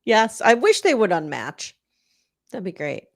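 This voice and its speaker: A woman guest talks through a recap with a lot of pitch movement, rising and falling as she reacts. She is agreeable and chimes in often while the host talks. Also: a little slow. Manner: expressive, agreeable, chiming in. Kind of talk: casual recap chat.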